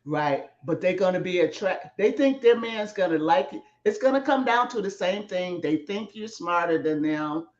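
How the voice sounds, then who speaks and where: A woman's voice: lowish voice, expressive, normal speed, few pauses, roomy sound, muffled recording. A woman in her fifties, a guest in a casual talk show, musing and laughing as she talks. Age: 50s. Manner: laughs while talking, musing and questioning.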